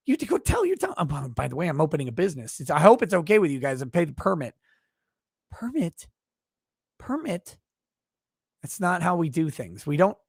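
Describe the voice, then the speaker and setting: A man's voice: sits high, husky, dry recording, studio quality. Profane ranting male streamer. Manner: sarcastic, profane, rambling. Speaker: host. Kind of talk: ranting live-stream commentary.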